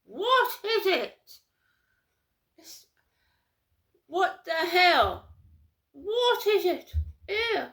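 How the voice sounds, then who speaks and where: A woman's voice: extremely high pitch, big pitch swings, extremely slow, long pauses, fairly bright tone, voice pushed up, full character voice. A woman putting on the voice of a snooty, posh older woman who drawls and squeals in disgust. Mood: sneering disgust.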